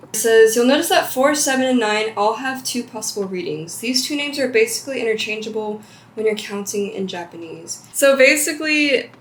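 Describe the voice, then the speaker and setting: A young American woman in her twenties chats curiously in a casual language-learning vlog, laughing at herself. Her voice is a little high and fairly bright, and the roomy recording carries faint background music plus a little hiss or hum.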